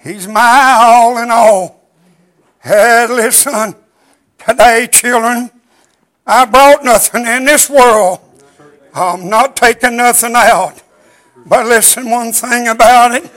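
An older man preaching a chanted sermon in a rhythmic, drawn-out cadence, out of breath and wheezy. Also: very high voice, a bit bright, rough recording.

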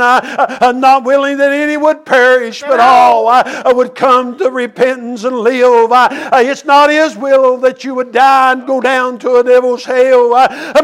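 Male preacher, very high voice, chanted delivery broken by "uh" fillers. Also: fairly bright tone, clean tone. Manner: rhythmic preaching with constant "uh" fillers. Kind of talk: chanted sermon.

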